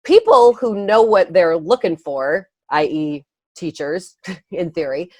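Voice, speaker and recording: A woman guest, an early education speaker and author, explaining her ideas in a conversational interview with quick laughs and restarts. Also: lowish voice, animated, dry recording.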